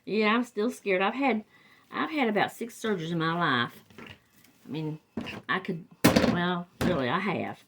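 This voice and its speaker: In a very noisy recording, an older wreath crafter from the Carolinas speaks in a lowish voice at a measured pace, pausing often. Her Southern US accent colors rambling, chatty tutorial talk that trails off and restarts.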